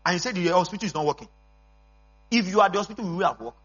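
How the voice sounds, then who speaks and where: This sermon comes from a man preaching very fast at a church service, using call-and-response and abrupt shouts to push his message. His voice is high, bright and husky, with wide pitch swings, captured on a dull, lo-fi recording over a constant mains hum.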